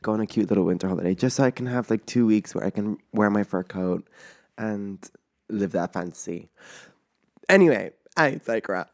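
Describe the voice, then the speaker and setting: A man's voice: on the low side, moderate pace, creaky. A young man hosting his own podcast, telling stories in a dramatic, rambling way, full of "like" fillers, self-mocking and swearing freely. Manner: animated, dramatic storytelling with lots of "like" fillers. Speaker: podcast host. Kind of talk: casual solo podcast chat.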